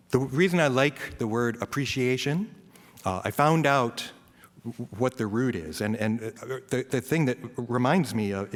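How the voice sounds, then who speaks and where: A man giving an informal, self-deprecating Dharma talk, peppered with "right?" asides and rising into animated rants. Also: mid-range voice. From US East Coast. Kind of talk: informal sermon. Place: temple hall. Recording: reverberant hall.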